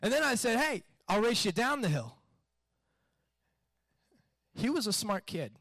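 A high-pitched man delivers a sermon in an animated storytelling way, slipping into acted-out voices. The recording is dry and close, with no room sound. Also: unhurried, no room sound. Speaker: pastor.

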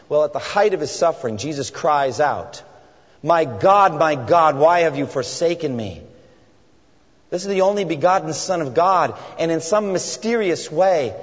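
A man preaching a sermon in an earnest, reflective way, slowing down to stress key phrases. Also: fairly high pitch, slightly rough. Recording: dull recording with long reverb in a hall.

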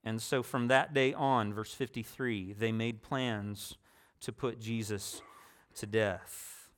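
A man's voice: fairly low pitch, steady tone, slow pace, fairly bright tone. A man preaching a sermon, reading scripture aloud and explaining it, with rising emphasis on the quoted words.

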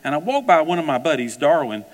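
Storytelling preacher in an echoey hall. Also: male voice, a little high, fast. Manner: storytelling, animated and conversational. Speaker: pastor. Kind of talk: sermon.

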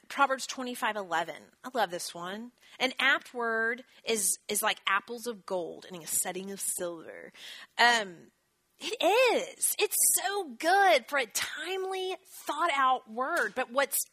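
A woman, teaching a church marriage class in a chatty, self-deprecating way with quick asides. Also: fairly high pitch, pushed and bright. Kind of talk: teaching talk with scripture.

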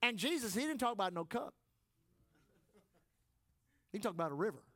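A male pastor preaching a sermon emphatically, swinging between shouts and low asides and laughing often. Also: big pitch swings, normal speed, no echo.

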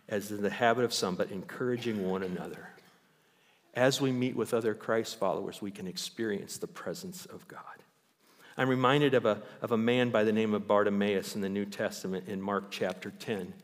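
A male pastor preaching a sermon in church. He tells Bible stories with animation and raises his voice to act them out. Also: fairly low pitch. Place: church sanctuary. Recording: long hall reverb.

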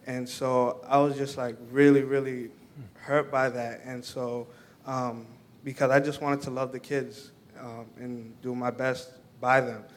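Young man sharing a church testimony, hesitant, lots of fillers, even pitch. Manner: halting, full of "um" and "like". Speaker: church member giving a testimony. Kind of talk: personal testimony to a church group.

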